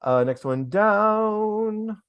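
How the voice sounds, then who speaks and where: Guy hosting a stream, rambles and chuckles, super lively pitch, dry close sound. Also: extremely slow, smooth, dry recording, highs cut off. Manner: rambling, chuckling storyteller with restarts; swears mildly, drawls "man" and "right?". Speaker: host. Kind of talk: casual livestream chat.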